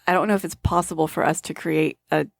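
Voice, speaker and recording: A woman co-hosting a podcast, chiming in casually with lots of giggles and quick agreement. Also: sits low, steady tone, vocal fry, dry recording, studio quality. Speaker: podcast co-host. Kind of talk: casual chat.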